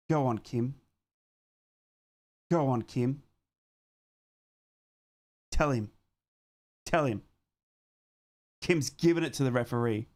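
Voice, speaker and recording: An Australian man hosting a live football watchalong, calling the match with loud fan excitement and giving slangy thank-yous to his viewers. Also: mid-range voice, takes it slowly, long pauses. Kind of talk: live fan commentary and stream sign-off.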